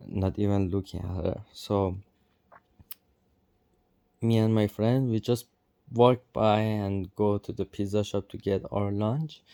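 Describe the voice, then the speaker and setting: In a relaxed storytelling vlog, a man chuckles frequently while slowly recounting a run-in. He speaks loose English marked by non-native grammar, and his low, mellow voice has a clear, resonant quality.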